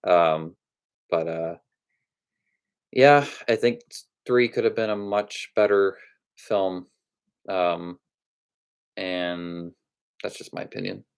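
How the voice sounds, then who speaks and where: Man, young adult, deep voice, casual live-stream chat, halting, repeats himself. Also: clear, resonant tone. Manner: halting, with many restarts.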